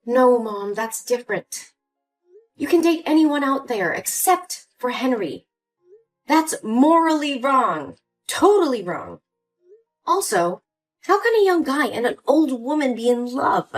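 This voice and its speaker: Woman doing an indignant young daughter, pleading, high voice, lively swings. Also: unhurried, faint music behind, exaggerated voice. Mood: upset. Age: young adult. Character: hurt young adult daughter, pleading and upset. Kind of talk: scripted story voice acting.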